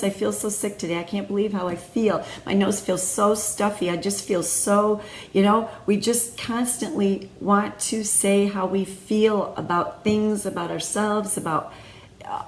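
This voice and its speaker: A woman hosting a faith-based video series gives a casual spoken devotional talk, full of fillers and restarts. Her mid-range voice comes with a little hiss or hum, in an echoey room with faint ambience.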